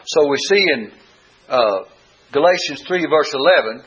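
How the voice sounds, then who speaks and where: Man teaching a Bible lesson, bright husky voice. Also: medium pitch, lively intonation. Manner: deliberate, repeats verses with rising emphasis. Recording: dull lo-fi recording.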